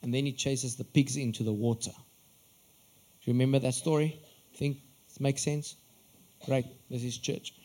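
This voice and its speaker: A man's voice: mid-range voice, measured pace, pauses often. Earnest South African man preaching. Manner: storytelling, earnest and expressive. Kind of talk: sermon.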